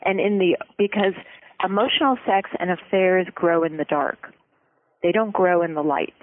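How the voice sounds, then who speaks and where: A guest expert giving relationship advice in an interview, explaining in an earnest, steady way. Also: mid-range voice, normal speed, dry recording. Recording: tinny phone-like line.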